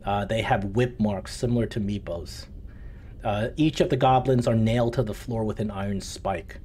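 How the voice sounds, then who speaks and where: A man narrating a tabletop game as dungeon master, casual and halting. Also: fairly low pitch, warm tone, a little hiss or hum.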